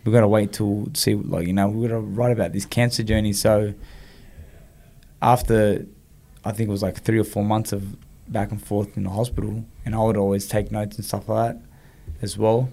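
A man's voice: on the low side, little pitch movement, normal speed, creaky, dark tone. A man, telling a personal story in an interview and acting out the quoted dialogue. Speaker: guest, former boxer.

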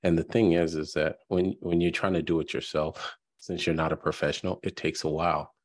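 A man's voice: extremely low pitch, fairly quick, no echo. A man hosting a podcast, talking casually and a bit rambling as he reacts to clips. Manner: relaxed, rambling with fillers. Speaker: podcast host.

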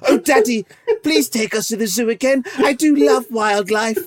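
Man voicing a young boy, gushing, very high voice. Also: moderate pace, crowd noise. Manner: gushing, prim and proper. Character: posh, overly polite young boy.

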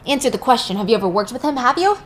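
A scarred male asylum inmate, voiced by a woman narrator hurls bitter accusations. The voice is fairly high and insistent. A faint hiss sits behind it. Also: lively intonation, rapid-fire, a bit bright.

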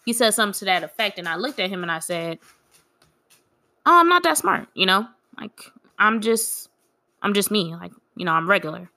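A young woman with a bright, clear tone speaks frankly in a casual personal vlog. She is grieving, and her account comes across as candid and quietly aggrieved. Her pitch sits in an ordinary middle range for a woman. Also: a little fast.

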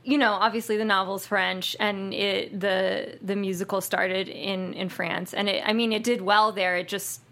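A chatty American woman with a bright, clear tone, co-hosting a podcast. She talks eagerly and loosely, circling back on her thoughts with plenty of "like" and "um". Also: medium pitch, flat delivery, moderate pace, few pauses. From United States. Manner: chatty, enthusiastic, many fillers and restarts. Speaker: podcast co-host. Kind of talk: casual chat.

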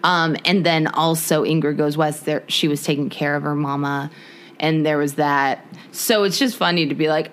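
A woman's voice: deep voice, steady tone, normal speed, fairly bright tone. A woman co-hosting a podcast, chatting casually about movies with lots of laughter and asides to listeners. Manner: chatty, laughs often, addresses listeners as guys. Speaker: podcast co-host. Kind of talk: casual chat.

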